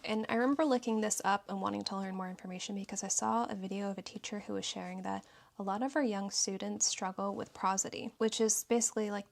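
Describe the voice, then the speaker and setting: A woman's voice: mid-range voice, vocal fry. A woman talking through her journal pages in a casual, reflective way, reading quotes aloud now and then. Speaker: journaling YouTuber.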